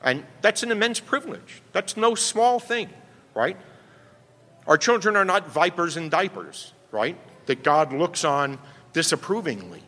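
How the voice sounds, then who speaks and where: Man preaching a sermon, pastor, emphatic, bright tone, long hall reverb. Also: on the high side, big pitch swings, a little slow. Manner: emphatic, asks "right?" often.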